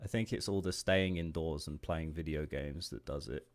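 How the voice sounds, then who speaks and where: His pitch is extremely low and his pace moderate: he's an indie game developer from England in his late twenties, chatting casually while drawing on a livestream. He rambles, loses focus easily, laughs often and swears casually.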